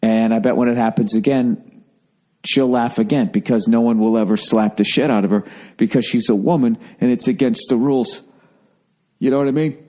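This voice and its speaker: A man's voice: medium pitch, steady tone, normal speed, warm tone. A man in his forties with a Boston accent, telling a rambling, profane, sarcastic story in a casual comedic monologue. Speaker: podcast host.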